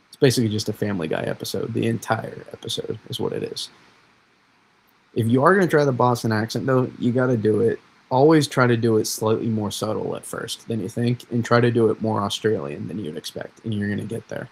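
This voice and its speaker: A man's voice: lowish voice, brisk, gravelly, breathy edge, rough recording. A man from New England hosting a weather livestream, rambling and self-correcting in casual chat.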